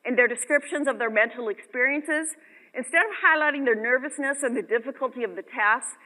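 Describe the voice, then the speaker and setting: A middle-aged woman gives an earnest motivational talk to a women's group and shares research with real feeling. Her voice sits a little high and has a bright, sharp edge. She sounds like a broadcast, with a long reverb from a large hall. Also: brisk. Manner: earnest, expressive, quotes research.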